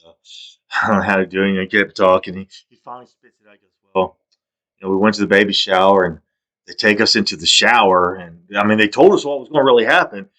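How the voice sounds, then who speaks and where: Guy with a lowish voice rambling on and on, aggrieved, repeats himself, trails off into mutters. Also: quick pace, fairly bright tone. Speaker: video monologuist. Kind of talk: rambling personal monologue.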